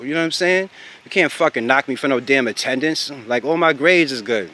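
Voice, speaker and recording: Talking to camera, an American man with a medium-pitched, slightly fast voice tells a personal story in a loose, casual, profane way. He keeps asking "you know what I'm saying," and gets loud and animated when recalling his anger.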